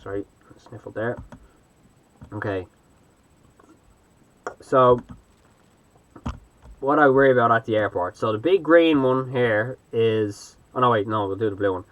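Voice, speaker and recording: A man's voice: medium pitch, measured pace, long pauses, phone-quality sound. An Irish man chatting loosely and hesitantly as a vlogger, rambling through his thoughts. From Ireland. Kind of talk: casual vlog commentary.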